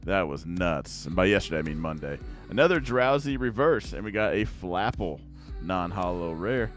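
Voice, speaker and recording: Chatty low-voiced man opening card packs. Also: normal speed, soft background music. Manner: chatty and rambling, swinging into excited outbursts over pulls. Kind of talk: casual pack-opening chat to viewers.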